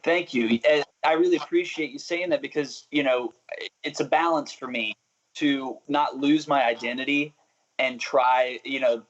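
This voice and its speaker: A young man talks casually as an interview guest, restarting his sentences and laughing now and then. His voice sits at a middle pitch. The audio is a little muffled. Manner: chatty, self-interrupting, laughs often. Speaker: musician guest.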